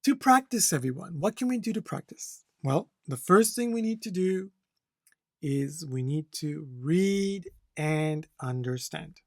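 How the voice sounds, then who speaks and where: A language instructor teaching test-takers, talking slowly and clearly and often checking in with "okay?". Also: medium pitch, expressive, darkish tone, no room sound, clean studio sound. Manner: slow, deliberate, repeats "okay?" to check learners. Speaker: CELPIP instructor. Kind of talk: slow, clear teaching to learners.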